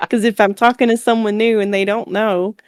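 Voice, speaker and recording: A woman with a Midwestern American accent, chatting as an interview guest. Her voice is animated and expressive, she laughs readily, and her pitch sits in the middle. The recording is dry and close. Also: normal speed, no echo. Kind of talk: casual interview chat.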